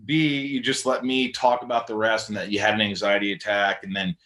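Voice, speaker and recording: A man telling stories as a podcast guest, animated, acting out the voices of people he quotes. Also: lowish voice, fairly quick, echoey room. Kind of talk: casual storytelling conversation.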